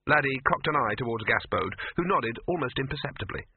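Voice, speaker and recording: A man narrating an audiobook in a wry, measured storytelling manner. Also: mid-range voice, expressive, slight background noise. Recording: narrow phone-like audio.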